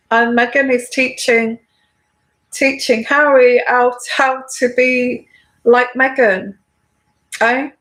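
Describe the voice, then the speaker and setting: Slow, halting woman tarot reader. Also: on the high side, fairly bright tone, low-quality recording. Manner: halting, repetitive, many fillers and restarts. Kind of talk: casual monologue vlog.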